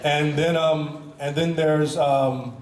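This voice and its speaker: A man's voice: fairly high pitch, fairly even intonation, slow, a little mellow. A man speaking as a guest on a convention panel, telling stories animatedly, laughing and restarting often. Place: large convention hall. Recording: echoey hall from far off, noisy.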